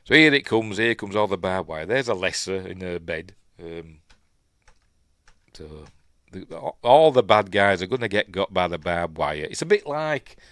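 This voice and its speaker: Rambling Yorkshire man, low voice. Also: animated, normal speed, a bit bright, no echo, studio quality. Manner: rambling, chuckling, full of fillers. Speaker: host. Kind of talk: casual film commentary.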